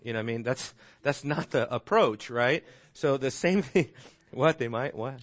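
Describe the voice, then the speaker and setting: A man with a mid-range, expressive voice leads a casual Bible class at a moderate pace. He keeps it conversational, tagging his points with "right?" as he goes.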